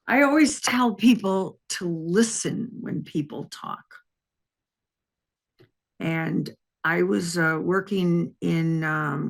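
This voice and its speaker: A woman's voice: mid-range voice, a bit bright. An older woman from Wisconsin, a former detective, telling a long story in a rambling, conversational way with frequent restarts. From Wisconsin, USA. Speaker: interview guest, former police detective. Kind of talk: anecdotal storytelling in an interview.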